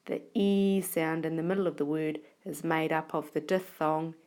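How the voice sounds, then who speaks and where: A woman teacher giving a phonics lesson, sounding out words slowly and carefully. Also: deep voice, steady tone, darkish tone. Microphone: tablet recording.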